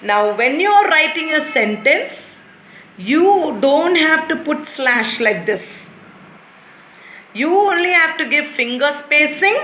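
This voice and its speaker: A woman's voice: high voice, pushed and bright, a little hiss or hum. Patient woman teacher in an echoey room. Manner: patient, repeats and explains slowly to children. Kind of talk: recorded classroom lesson.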